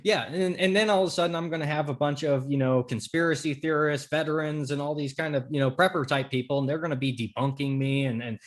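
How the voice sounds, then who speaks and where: A man's voice: on the high side, fast, few pauses. An American man, a podcast guest, explaining his views in an earnest, argumentative way. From United States. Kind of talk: casual podcast chat.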